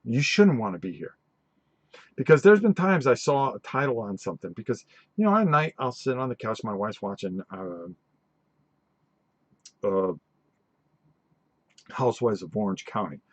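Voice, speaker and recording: Man, middle-aged, husky voice, lively swooping pitch, rambling live-stream host. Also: moderate pace, long pauses, dry recording, highs cut off. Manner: rambling, animated storytelling with many restarts. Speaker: host of a tabletop gaming channel.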